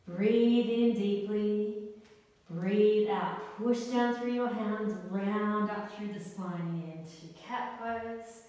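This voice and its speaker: A young adult woman teaching a guided yoga class for children, giving gentle, encouraging step-by-step cues. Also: mid-range voice, takes it slowly. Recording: echoey hall, voice from far off.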